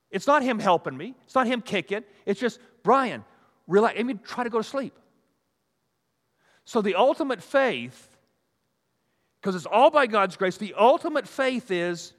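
Here an older man with a high-pitched, fairly bright voice rambles through a folksy sermon for a live audience. Restarts, asides, and "you know" come constantly, and the hall where his listeners sit adds a long reverb.

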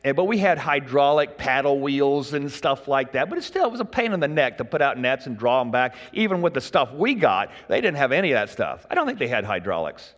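A man preaching a sermon in a relaxed, folksy way, joking with the congregation. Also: medium pitch, fairly quick, few pauses, long reverb tail. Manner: folksy, conversational, jokes with the congregation. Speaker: pastor.

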